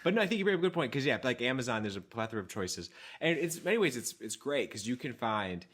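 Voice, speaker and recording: A man co-hosting a podcast in casual conversation, telling stories in a lively way and laughing often. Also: medium pitch, fast. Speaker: podcast co-host.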